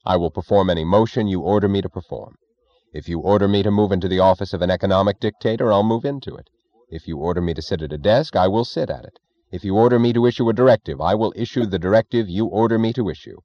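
A man voicing a calm, defiant captive thinker in an audiobook, measured and precise. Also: low voice, muffled recording. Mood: coolly mocking. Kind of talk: audiobook character voice.

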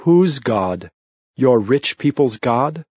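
A man's voice: medium pitch, animated, takes it slowly, darkish tone, husky, no echo, pitched above the performer's own voice. A sneering, defiant peasant killer, as a male narrator puts him on. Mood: contemptuous defiance. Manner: contemptuous, leering, defiant taunts. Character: defiant bound peasant assassin man, sneering and blasphemous. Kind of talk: audiobook narration. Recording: dull lo-fi dry read.

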